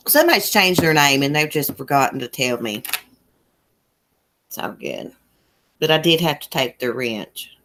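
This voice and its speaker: Low-voiced country woman from Virginia. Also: big pitch swings, moderate pace, long pauses, fairly bright tone, a little hiss or hum. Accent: Southern Appalachian country. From Southwest Virginia. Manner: chatty and folksy, laughs often. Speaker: YouTube livestream host. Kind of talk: casual livestream chat reading comments. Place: home in a small mountain town.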